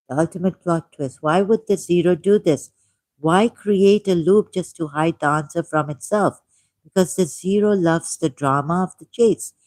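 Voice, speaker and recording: A man with a Pakistani accent hosting a livestream, reading a text aloud at a deliberate pace with musing asides and repeated key words. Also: a little high, a little mellow, dry recording. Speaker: livestream host.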